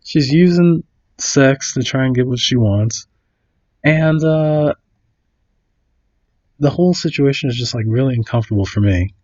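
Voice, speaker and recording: A man's voice: mid-range voice, measured pace, long pauses, a little mellow, muffled recording. A man casually telling a story, full of fillers and restarts, acting out other people's lines.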